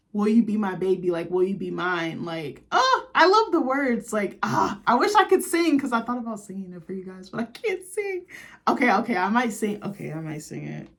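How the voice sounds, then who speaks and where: A young woman vlogger, chatting in a gushing, chatty way and full of "like". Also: medium pitch. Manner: gushing, chatty, lots of "like", laughs. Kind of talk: casual chat to camera.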